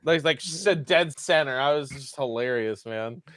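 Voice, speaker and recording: A man's voice: mid-range voice, moderate pace, fairly bright tone, no echo, studio quality. A man in a casual livestream chat, telling funny stories, giggling and saying "like" a lot. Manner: storytelling, giggly, full of fillers like "like".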